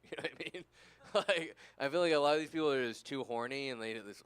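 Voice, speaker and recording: A man's voice: medium pitch, lively intonation, fairly quick, fairly bright tone, smooth. A tired, tipsy man from California doing a rambling, crude, self-deprecating stand-up set. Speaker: stand-up comedian.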